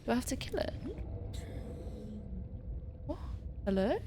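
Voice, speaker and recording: With a warm, very animated voice on the high side, a young streamer plays a scary game at a measured pace, offering casual commentary. She's jumpy and chatty, addresses the game's creatures, and screams when something startles her; a little hiss or hum is audible.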